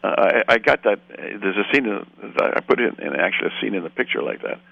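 Older man, from canada, film director guest, rambling storyteller, gravelly, husky, dull muffled radio sound. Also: on the low side, animated, fast, no room sound. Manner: rambling, acts out voices in his stories. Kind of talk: anecdotal interview storytelling.

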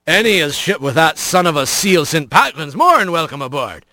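A gruff middle-aged otter sea captain from a storybook, as a man puts him on, barking orders in a salty old sailor's dialect. His voice sits high and swings widely. The recording is close and dry. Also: big pitch swings, moderate pace, sharp tone, no room sound.

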